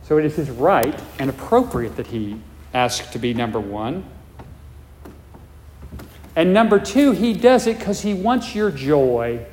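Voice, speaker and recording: A man's voice: fairly high pitch, big pitch swings, a little slow, long pauses, a little mellow, slight background noise. A male pastor preaching a sermon, emphatic and repetitive, often checking in with the congregation. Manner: emphatic, repeats points, checks in with "all right?". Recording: long reverb of a large hall.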